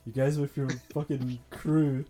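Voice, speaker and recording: A man, narrating as game master with rough, swearing banter and frequent laughs. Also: mid-range voice, little pitch movement, measured pace, warm tone, faint music behind. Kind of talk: narrating a tabletop role-playing game.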